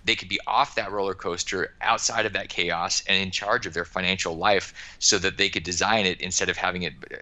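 A man's voice: sits low, fairly even intonation, fairly quick, pushed and bright. A man being interviewed on a podcast, talking about money in an emphatic, motivational way with frequent word repeats. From United States. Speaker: guest, financial advisor.

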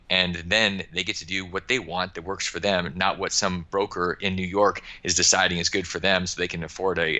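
A man's voice: deep voice, sharp tone. A man being interviewed on a podcast, talking about money in an emphatic, motivational way with frequent word repeats. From United States. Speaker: guest, financial advisor.

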